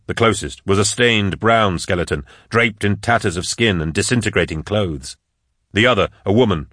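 A male audiobook narrator reads a script in a steady, low voice. The recording is clean studio sound with no room ambience.

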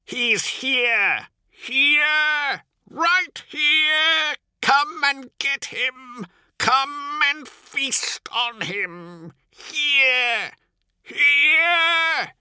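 A man's voice: a bass voice, fairly even intonation, takes it slowly, sharp tone, no echo, clean studio sound, voice pushed down, exaggerated voice. A man voicing a desperate, wounded man who hisses his demands and then screams at full voice. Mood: screaming.

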